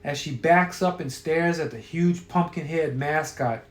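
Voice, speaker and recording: A man's voice: fairly high pitch, unhurried, echoey room. A man telling a crude story in a profane, offhand way.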